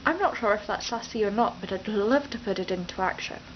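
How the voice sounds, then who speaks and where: A woman's voice: mid-range voice, a little fast, muffled recording, noisy background. A young British woman from the East Midlands, rambling unscripted and chatty to her camera at home, often breaking off mid-sentence. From East Midlands, England. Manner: rambling, self-interrupting, chatty. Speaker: vlogger. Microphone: camera mic.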